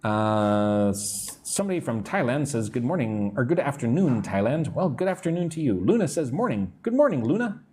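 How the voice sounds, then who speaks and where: An American man teaching English on a live stream, speaking slowly and clearly, repeating words for practice and greeting viewers from the chat. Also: mid-range voice, sing-song, warm tone. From United States.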